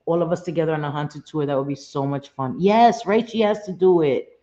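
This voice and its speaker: Her voice is low and mellow, and she talks a little fast: a middle-aged woman running a relaxed livestream, swearing, laughing often, and reading chat messages out loud as she answers people at home. The recording sounds roomy and dull, typical lo-fi stream audio.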